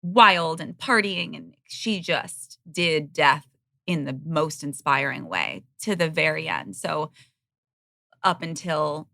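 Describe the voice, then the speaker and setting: A woman in her thirties talking openly and bluntly as a podcast guest. Her voice is bright and edged with vocal fry, in a dry, close studio sound. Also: sits low, lively intonation, slow pace, dry recording. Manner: open, frank, occasionally blunt. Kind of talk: candid conversational interview.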